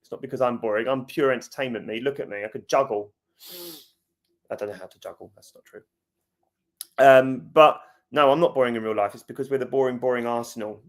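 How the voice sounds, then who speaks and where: A man's voice: mid-range voice, brisk. Chatty man on a fan stream. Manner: chatty, jokey, talks straight to viewers. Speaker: fan channel host. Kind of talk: casual livestream chat reading comments.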